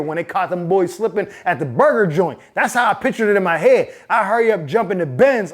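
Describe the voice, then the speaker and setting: A man hosting his own channel, telling a personal story in a casual, profane, animated way. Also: sits high, fairly quick. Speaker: host. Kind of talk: storytelling monologue.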